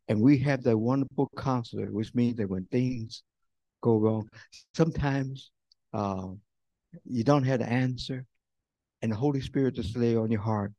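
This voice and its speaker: Pastor guy preaching, gravelly low-key tone, dry close sound, goes loud then real quiet. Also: normal speed, dry recording. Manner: dramatic swings from loud bursts to hushed near-whispers; conversational preaching with fillers and quoted voices. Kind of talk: sermon.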